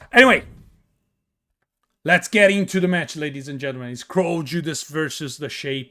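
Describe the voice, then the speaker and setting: With an Italian accent, this man hosts and commentates a wrestling show, cracking jokes, reading chat names aloud and hyping the ring entrances. His voice sits on the high side, bright and forceful, at a normal pace with frequent pauses.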